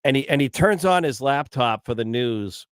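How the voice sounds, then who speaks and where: A man hosting a morning radio talk show, telling stories in a chatty, animated way with many restarts. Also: mid-range voice, normal speed, clean tone, dry recording, studio quality. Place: radio studio.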